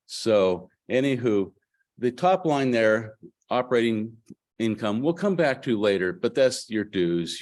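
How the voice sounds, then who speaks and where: A man's voice: on the low side, a little mellow. A man presenting financial statements at a meeting in a folksy, joking way, with asides to the audience.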